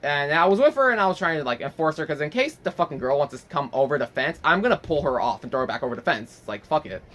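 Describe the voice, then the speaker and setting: A man's voice: fairly high pitch, fast. A young man telling a rambling story as a casual vlog, swearing freely and acting out the people in it. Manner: animated, rambling with fillers. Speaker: vlogger.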